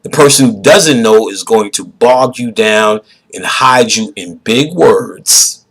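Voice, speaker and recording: A man holds forth in a casual, profane monologue. His voice is husky and lowish, and he is emphatic and preachy, breaking into loud outbursts. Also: expressive, takes it slowly, poor audio. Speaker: podcast host.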